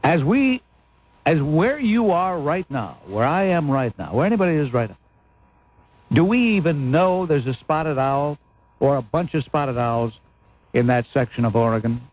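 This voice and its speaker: A man's voice: a little high, lively intonation, moderate pace, a little mellow, low-quality recording. A man hosting a call-in talk radio show, brusque, sarcastic and exasperated with callers. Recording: hissy AM radio cassette recording.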